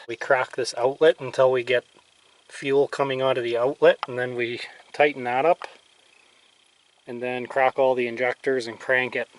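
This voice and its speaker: A man's voice: mid-range voice, poor audio. A man casually talking through a repair on an old car as he works, chatty and self-deprecating. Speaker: vlogger working on an old car. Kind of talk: casual narration while working.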